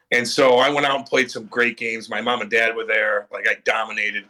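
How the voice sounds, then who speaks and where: Bright-voiced man telling animated stories. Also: medium pitch, a little fast, few pauses. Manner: animated storyteller, acts out quotes, swears freely. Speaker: former pro hockey player, guest. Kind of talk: casual storytelling in a podcast chat.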